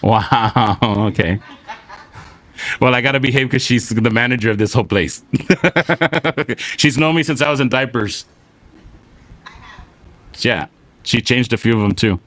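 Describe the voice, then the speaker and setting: A young man from South Texas with a slight twang, hosting a casual live show and reading out viewer shout-outs. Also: mid-range voice, unhurried, pauses often. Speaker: show host.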